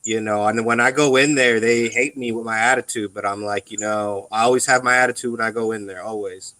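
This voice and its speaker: A man's voice: fairly low pitch, fairly even intonation, brisk, sharp tone, low-quality recording. A man in casual chat about being a veteran, talking bluntly with plenty of ums and curses. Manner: rambling, blunt and profane, with many ums. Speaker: veteran on a live radio chat.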